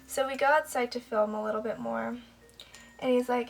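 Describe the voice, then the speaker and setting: A woman's voice: on the high side, fairly even intonation, moderate pace, gravelly. A young woman vlogging a casual storytime while doing her makeup, chatty and full of filler words. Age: young adult. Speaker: beauty vlogger.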